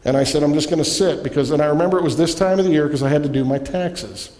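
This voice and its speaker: A man preaching as a guest in a church, telling a personal story with animated delivery and acted-out voices. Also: on the high side, fast talker. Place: church sanctuary. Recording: echoey church hall.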